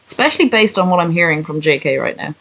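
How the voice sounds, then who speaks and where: A woman's voice: fairly low pitch, expressive, fast, fairly bright tone, poor audio. A young woman streaming, reading a story aloud and breaking off into sarcastic, swearing asides to her chat. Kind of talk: live-stream reading and commentary.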